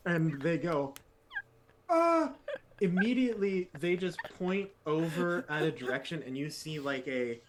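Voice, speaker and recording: A man's voice: a little high, normal speed, few pauses. Guy running a tabletop game, rambly with lots of likes and ums, faint hiss behind. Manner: rambling, full of fillers. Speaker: game master.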